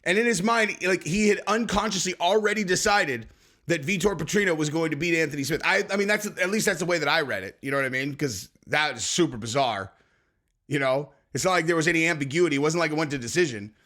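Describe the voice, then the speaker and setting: A man hosting his own fight recap show, talking in an excitable, rambling, slangy way. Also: a little high, fast. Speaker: MMA commentary host. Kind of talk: casual fight recap vlog.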